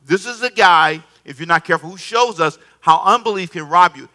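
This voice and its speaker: A man preaching a sermon in an animated, conversational way, repeating himself and calling on the congregation to answer. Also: high-pitched, a little fast. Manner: animated, repetitive, conversational preaching with call-and-response. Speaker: pastor.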